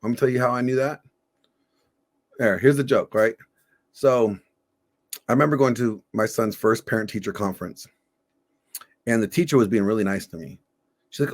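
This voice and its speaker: A middle-aged man co-hosting a reaction show, telling stories in a loose, animated, profane way. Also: mid-range voice, brisk, pauses often. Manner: animated storyteller, swears freely. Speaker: podcast co-host reacting to a video. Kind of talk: casual profane reaction chat.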